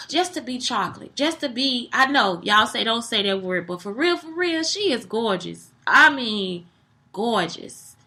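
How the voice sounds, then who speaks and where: Woman, high-pitched, bright, blunt, animated, swearing, casual monologue. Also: unhurried.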